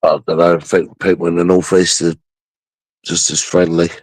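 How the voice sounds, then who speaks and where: A man's voice: low-pitched, flat delivery, normal speed, breathy edge, no room sound. A man, blunt and argumentative, swearing in casual group chat.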